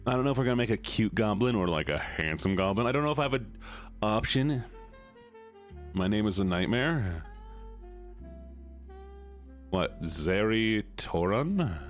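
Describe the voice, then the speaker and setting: A man's voice: lowish voice, lively intonation, moderate pace, long pauses, faint music behind. A man streaming live, chatting casually and playfully with his viewers. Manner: bubbly, playful, chatty with chat.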